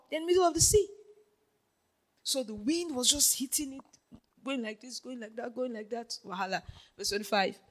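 A preacher giving a lively sermon, dropping to a hush and then rising to shouts, laughing often and checking in with the congregation. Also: sits high, rough recording. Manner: animated, swings from hushed to shouting, laughs often; keeps checking in with the audience.

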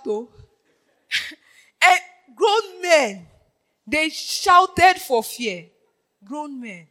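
A preacher giving a lively sermon, dropping to a hush and then rising to shouts, laughing often and checking in with the congregation. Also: high voice, drawn-out words, long pauses, poor audio. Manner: animated, swings from hushed to shouting, laughs often; keeps checking in with the audience.

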